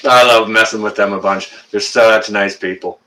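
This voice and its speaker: This Canadian man in his fifties hosts a live stream, bantering and teasing viewers casually while using lots of fillers and starting over often. His voice sits on the low side, sounding pushed and bright, with a little hiss or hum in the recording.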